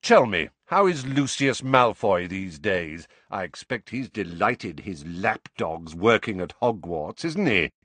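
A man voicing a hot-tempered, protective grown man who talks aggressively and loud, raising his voice. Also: lowish voice, very animated, slow pace, hardly any pauses, no echo, heavily acted. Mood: threatening.

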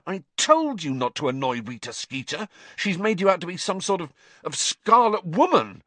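A man's voice: high voice, big pitch swings, normal speed, sharp tone, no echo, voice pushed up, full character voice. A man voicing an anxious teenage schoolboy wizard who sounds agitated and insistent. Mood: exasperated.

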